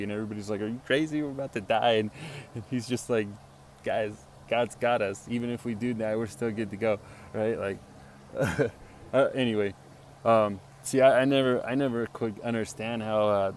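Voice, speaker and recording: A man's voice: lowish voice, darkish tone, a little hiss or hum. A man giving an informal sermon to camera, earnest and rambling, full of fillers and restarts, often asking "right?". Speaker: self-styled preacher.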